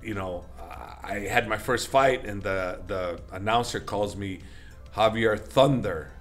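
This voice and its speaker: Middle-aged man, lowish voice, casual rambling storyteller, lots of fillers and self-corrections; interview guest. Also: fairly even intonation, a little slow, a bit bright, soft background music. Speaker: interview guest, MMA coach.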